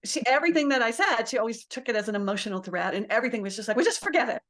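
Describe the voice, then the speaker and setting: A middle-aged woman appears as a parenting guest in a casual interview, her voice fairly high, bright and rapid-fire. She laughs often and acts out little quotes as she talks.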